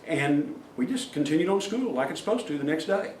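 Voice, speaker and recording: A middle-aged man with a slightly high, lively, somewhat mellow voice tells folksy, plain-spoken stories fairly quickly at a workplace safety meeting, acting out the quoted voices. He is recorded from a distance in an echoey meeting room with faint noise.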